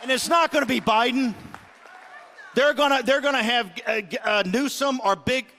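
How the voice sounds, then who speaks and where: High-pitched man in a fiery rant. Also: moderate pace, vocal fry, a faint crowd, a little hiss or hum. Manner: combative, shouting in bursts, mocking impressions. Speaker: political talk show host.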